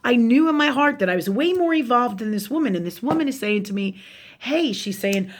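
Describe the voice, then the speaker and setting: A woman spiritual teacher speaks to her viewers on a live show. Her delivery is casual and animated, full of fillers and restarts. She drops in curse words without hesitation. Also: a little high, fast. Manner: animated storytelling, swears freely, many fillers and restarts.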